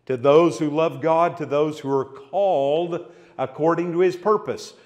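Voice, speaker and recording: A man's voice: on the high side, a little slow, darkish tone, long reverb tail. A man teaching an expository Bible lesson to a men's class, reading scripture aloud with building emphasis and checking in with questions. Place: church hall.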